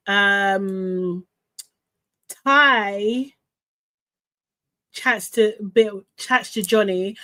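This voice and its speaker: A woman host chatting live to her viewers, animated and laughing often, with lots of fillers. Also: medium pitch. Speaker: host recapping a reality show. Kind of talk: live casual chat to viewers.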